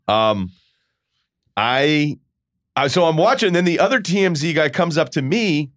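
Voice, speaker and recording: A man's voice: medium pitch, dry recording, clean studio sound. A man hosting a podcast, telling a story casually, laughing and quoting people as he goes. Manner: animated, laughing, quotes people in voices. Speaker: podcast host.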